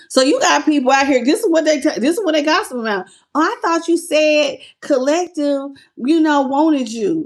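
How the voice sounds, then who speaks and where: A woman giving a live tarot reading who greets viewers by name, calls them baby, and laughs often. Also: high-pitched. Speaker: tarot reader.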